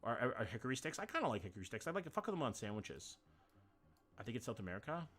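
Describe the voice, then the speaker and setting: A man's voice: mid-range voice, very animated, very fast, a bit bright. Chatty male streamer thinking aloud. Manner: chatty, thinks aloud, swears, greets viewers. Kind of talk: casual live-stream chat while playing.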